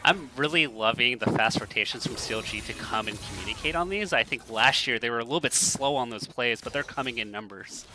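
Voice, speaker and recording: A man's voice: medium pitch, a little fast, few pauses, over music. A man co-casting an esports match, chatty and casual, with many fillers. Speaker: esports co-caster. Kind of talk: color commentary.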